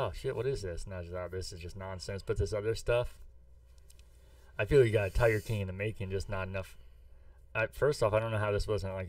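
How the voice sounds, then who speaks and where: A man from the US Midwest rambles through a long story on a podcast, swearing freely as he goes. His voice sits on the low side. It sounds dry and a little removed from the microphone. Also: no room sound, distant mic. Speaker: podcast co-host. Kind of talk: casual chat.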